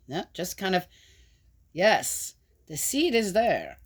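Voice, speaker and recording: An older woman, a grandmother, hosting a chat that rambles with many fillers and then reading the Psalms aloud at a steady pace. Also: mid-range voice. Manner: steady, measured reading of scripture. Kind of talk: casual chat and scripture reading.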